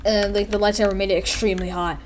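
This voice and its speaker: A woman's voice: medium pitch, level tone, quick pace, slight background noise. A woman giving casual, goofy gameplay commentary, rambling as she narrates the action and acts out every character.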